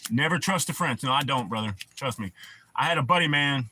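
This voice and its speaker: A man's voice: mid-range voice, animated, a little fast, sharp tone, a little hiss or hum. A man hosting a casual livestream, rambling in a laid-back way and swearing often. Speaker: livestream host.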